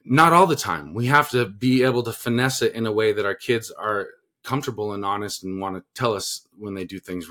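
A man's voice: fairly low pitch, a bit bright. A man co-hosting a podcast, talking earnestly about parenting in a rambling way, restarting his sentences and leaning on filler words. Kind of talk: casual podcast chat.

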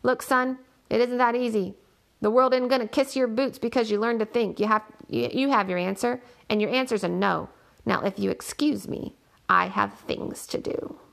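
A woman's voice: on the high side, moderate pace, vocal fry. A woman reading the lines of a stern, firm middle-aged male prison warden in an audiobook. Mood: weary. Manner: firm, threatening.

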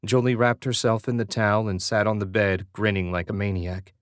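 A man narrating a horror novel aloud in a steady storytelling manner. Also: lowish voice, brisk, clear, resonant tone, dry recording, clean studio sound. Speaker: audiobook narrator. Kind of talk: scripted narration.

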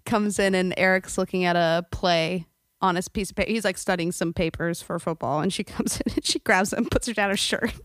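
A woman's voice: on the low side, fairly quick. A woman co-hosting a podcast in casual chat, talkative and giggling. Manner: chatty, giggly. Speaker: podcast co-host.

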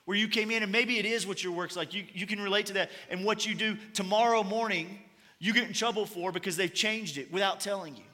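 Bright, high-voiced pastor. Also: male voice, a little fast, long reverb tail. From Kentucky. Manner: storytelling, conversational with humor. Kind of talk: sermon.

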